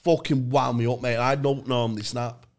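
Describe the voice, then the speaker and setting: A young man, co-hosting a comedy podcast and telling an animated story, acting out what others said. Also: medium pitch, moderate pace. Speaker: podcast co-host. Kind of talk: casual banter.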